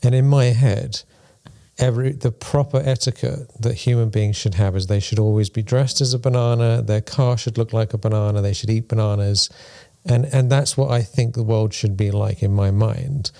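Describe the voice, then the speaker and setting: Low gravelly man musing on spirituality. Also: steady tone, moderate pace, dark tone. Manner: thoughtful, explains with playful examples. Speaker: podcast co-host. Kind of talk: reflective spiritual discussion.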